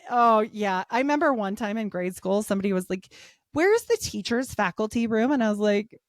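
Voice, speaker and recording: A middle-aged woman, appearing as a podcast guest, chats casually and tells stories with animation, laughing often and acting out quotes. Her mid-range voice is fairly quick, captured at studio quality with no echo.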